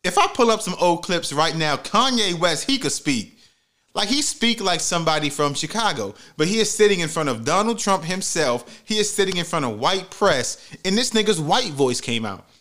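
A man's voice: sits high, animated, moderate pace, pushed and bright. A man hosting a comedic commentary vlog, ranting with heavy profanity and mock outrage. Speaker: commentary host.

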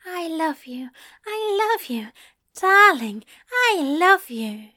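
A woman's voice: very high voice, expressive, takes it slowly, sharp tone, dry recording, clean studio sound, voice pushed up, heavily acted. A woman reading a story, voicing an adult male angel who talks in a breathless, adoring way. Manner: breathless, adoring, murmuring endearments.

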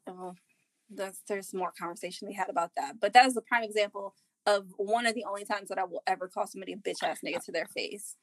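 A woman in her thirties tells a story to her co-hosts in loose, casual chat. She swears freely and acts out what she said, with animated energy. Her voice sits at a middle pitch and sounds dry and close, with no room echo. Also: quick pace. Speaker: podcast co-host. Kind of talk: casual chat among friends.

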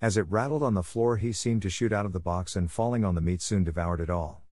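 A man narrating a ghost story in the first person, with a calm, measured storytelling manner. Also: low voice, no room sound, clean studio sound.

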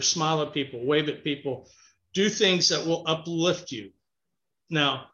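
A man's voice: a little high, pushed and bright. A man talking casually and encouragingly, often repeating himself and saying "you know". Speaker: interview guest. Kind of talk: casual advice conversation. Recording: dull lo-fi sound.

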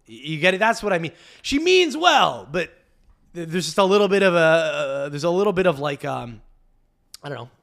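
A man's voice: fairly high pitch, sing-song, normal speed, gravelly, a bit bright. A man hosting a podcast, riffing in casual commentary on video clips with a profane, mocking manner. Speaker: podcast host.

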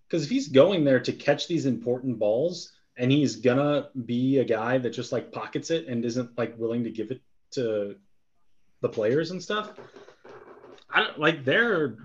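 A man's voice: medium pitch, slightly rough. A man co-hosting a podcast in casual chat, hesitant, with lots of restarts and filler words. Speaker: podcast co-host. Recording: dull lo-fi sound.

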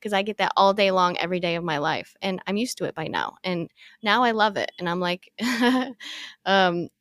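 A woman's voice: lowish voice, normal speed, fairly bright tone, no echo, studio quality. Enthusiastic woman speaking with emphasis. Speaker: guest. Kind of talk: casual podcast conversation.

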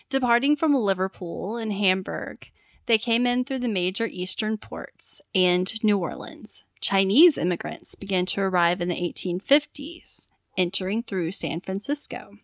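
A woman's voice: mid-range voice, fairly bright tone, no room sound, studio quality. A woman co-hosting a casual podcast who reads history aloud and playfully teases her co-host. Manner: playful, teasing, laughs often.

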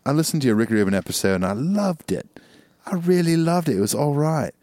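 A man's voice: a little high, very animated, a little fast, darkish tone, no room sound, pitched above the performer's own voice. A man reading a fan letter aloud in a put-on British accent.

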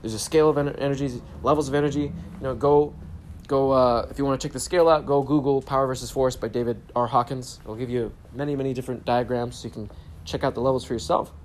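A man's voice: medium pitch, fairly even intonation, fast talker, hardly any pauses. Laid-back young man, faint background hum. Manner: laid-back, swears freely, spiritual catchphrases. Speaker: vlogger. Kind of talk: casual self-help vlog storytelling. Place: grocery store trip, talking on the go.

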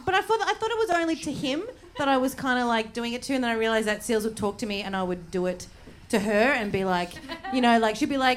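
A woman co-hosting a live comedy podcast on stage, telling an embarrassing story in a giggly, animated way. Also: a little high, quick pace, slight background noise. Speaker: podcast co-host.

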